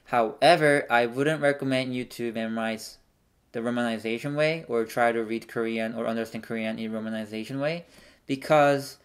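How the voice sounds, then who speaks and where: A man's voice: mid-range voice, fairly even intonation, normal speed, clean tone. A man teaching an online language lesson, patiently sounding out syllables one at a time.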